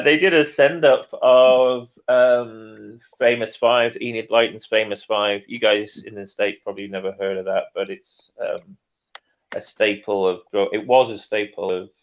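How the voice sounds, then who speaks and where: A middle-aged man chats casually on a livestream, laughing often as he reads out comments. His voice sits fairly low, and the audio comes through dull and muffled. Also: steady tone, normal speed. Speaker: livestream co-host. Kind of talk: casual chat.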